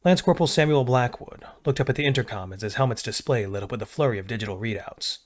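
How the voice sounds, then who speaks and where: A man narrating a military science fiction story in a measured, steady read. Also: medium pitch. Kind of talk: scripted sci-fi narration.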